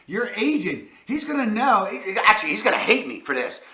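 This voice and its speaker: Full of catchphrases and speaking emphatically, a real estate agent from Baltimore runs a high-energy advice session. He talks briskly in a high voice, with noticeable reverb.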